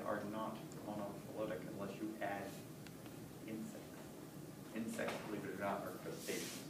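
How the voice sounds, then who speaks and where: Man lecturing in an echoey hall. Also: fairly low pitch. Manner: casual, quizzing students with frequent "right?". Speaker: college zoology lecturer. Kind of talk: classroom lecture. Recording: roomy lecture hall from far off, light noise.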